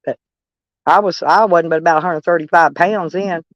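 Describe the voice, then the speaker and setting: A woman's voice: lowish voice, normal speed, no room sound. Blunt lady on a livestream, cusses a lot, calls folks honey, kinda dull muffled audio, dry close mic. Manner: blunt, swears freely, calls people honey. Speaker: livestream host. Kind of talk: casual livestream chat with viewers.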